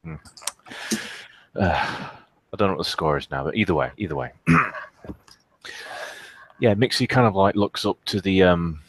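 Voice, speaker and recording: A man with a remarkably deep, husky voice narrates his character's moves in a tabletop game. He rambles and hesitates, looping back over his own words as he goes. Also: normal speed, long pauses, no room sound. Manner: rambling, full of fillers and restarts. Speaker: player. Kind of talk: tabletop role-play narration.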